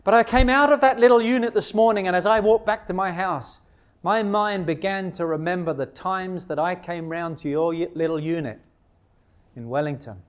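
A man preaching a sermon, emphatic and full of rhetorical questions, slowing down to stress key words. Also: high voice.

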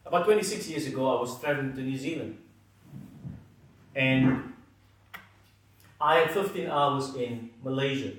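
A man preaching a sermon, earnest and emphatic, letting his phrases fall soft at the ends. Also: mid-range voice. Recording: echoey hall, mic at a distance.

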